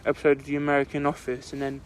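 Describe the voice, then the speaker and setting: A man's voice: medium pitch, monotone, very fast, a little hiss or hum. A young man telling a story on a casual podcast, rambling and full of "like" fillers.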